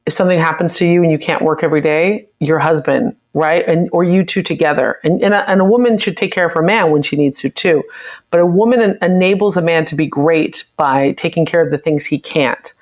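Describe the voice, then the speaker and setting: An American woman with a low-pitched voice hosts a live stream from the United States, talking a little fast. She reads viewer comments aloud and reacts to them in a chatty, opinionated way.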